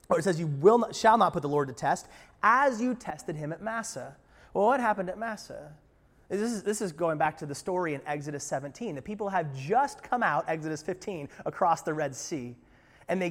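A man preaching a sermon as pastor, animated, rising loud for quoted lines and joking asides to the congregation. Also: sits high. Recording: reverberant hall.

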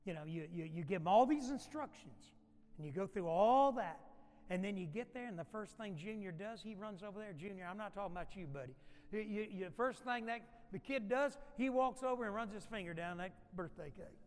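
A male pastor preaches with a fairly high voice and repeats his lines for emphasis. His words ring out through a church sanctuary with a long reverb, and at times he falls to a hushed tone. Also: brisk. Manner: emphatic and repetitive, dropping to soft, quiet passages. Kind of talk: sermon.

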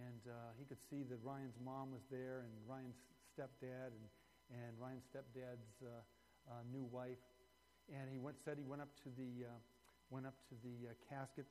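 A man's voice: medium pitch, slight background noise. Man preaching in a reverberant church. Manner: animated, swings from loud emphasis to hushed storytelling. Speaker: pastor. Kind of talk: sermon with storytelling.

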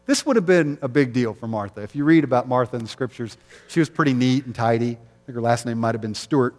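A man's voice: medium pitch, fast, a little mellow, long reverb tail. A man preaching an Easter sermon as pastor, conversational, with rhetorical questions and light jokes.

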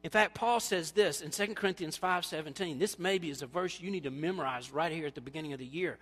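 A male pastor preaching a sermon, animated and storytelling, acting out quoted voices, then dropping to quiet appeals. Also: on the high side, quick pace, long reverb tail, soft background music.

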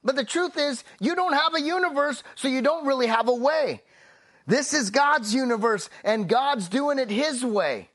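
High-voiced emphatic male pastor. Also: animated. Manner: emphatic, slowing down on key phrases, dropping soft and low at closes. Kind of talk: sermon.

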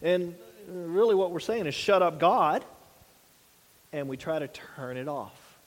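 A pastor delivering a sermon in a conversational way, tossing rhetorical questions to the congregation. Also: male voice, on the high side, expressive, normal speed, mellow. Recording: long hall reverb.

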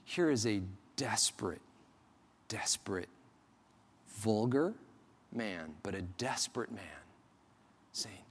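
A man preaching a sermon as pastor, in a conversational, animated way, sometimes acting out the voices of people he quotes. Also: lowish voice, takes it slowly, pauses often, breathy edge, big-room sound.

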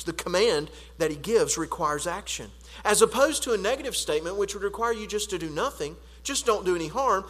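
A man preaching a sermon as pastor, earnest, rising to emphatic peaks and dropping quiet again. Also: high-pitched, big-room sound, low-quality recording.

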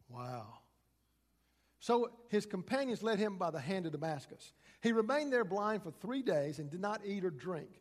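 A man preaching a sermon, reading scripture aloud dramatically and acting out the quotes. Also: sits high. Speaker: pastor. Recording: long hall reverb.

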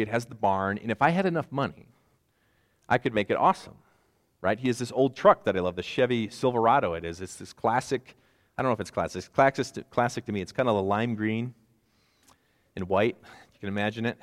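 A man's voice: medium pitch, animated, fairly quick, long reverb tail. A man in his forties preaching a conversational sermon with self-deprecating asides. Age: 40s. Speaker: pastor.

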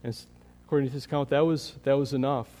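A man preaching a sermon as pastor, earnest, building in energy and then dropping to a quiet, prayerful tone. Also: medium pitch, fairly even intonation, fast talker. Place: church sanctuary. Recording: long hall reverb.

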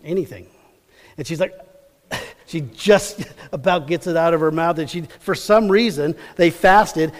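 A man's voice: on the high side, big-room sound. A man preaching a sermon, retelling a Bible story in a casual, rambling way that often corrects itself. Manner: chatty, rambling, self-correcting.

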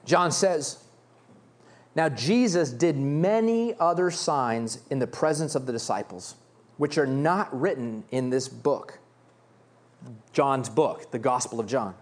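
A man preaching a sermon as pastor, reading scripture and acting out the beggar's cries with animated delivery. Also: mid-range voice, slow.

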